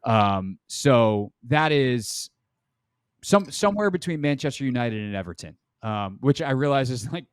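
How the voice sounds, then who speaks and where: A man's voice: mid-range voice, lively intonation, a little slow, slight background noise. A man co-hosting a sports podcast in casual chat, rambling and joking as he corrects himself mid-sentence. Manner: rambling, self-correcting, jokey. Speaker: podcast co-host.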